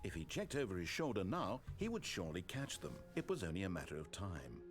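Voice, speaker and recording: A man voicing a calm, wry, all-knowing storyteller who narrates a game in a measured, deliberate way. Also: low-pitched, faint music behind. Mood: ominous calm.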